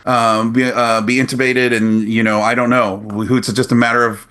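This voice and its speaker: Guy doing a gloomy doctor voice, low grim muttering, all doom. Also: level tone, normal speed, fairly bright tone, smooth, lightly acted. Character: gloomy doom-saying male anesthesiologist.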